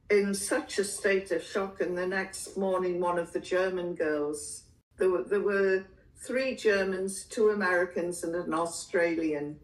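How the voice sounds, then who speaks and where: An older woman from England, a guest in an interview, telling her story in a slow, measured way with the odd laugh. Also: mid-range voice, echoey room, distant mic, low-quality recording.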